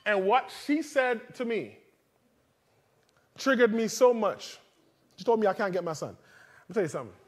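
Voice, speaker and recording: A man's voice: high voice, animated, moderate pace, long pauses. A man preaching a sermon, moving between conversational storytelling with humorous asides to the congregation and reading scripture aloud. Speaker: father.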